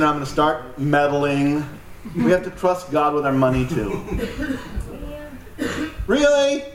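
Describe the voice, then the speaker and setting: A man preaching a sermon as pastor, emphatic, with joking asides and laughs. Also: fairly high pitch. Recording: echoey hall from far off, light ambience.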